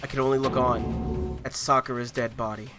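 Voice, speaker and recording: A streamer narrating a visual novel aloud, breaking into loud swearing reactions. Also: male voice, medium pitch, little pitch movement, normal speed, over music.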